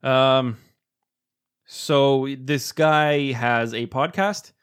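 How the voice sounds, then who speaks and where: A man co-hosting a podcast, chatting casually with quick asides and frequent laughs. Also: mid-range voice, fairly even intonation, clear, resonant tone. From not American. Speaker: podcast co-host.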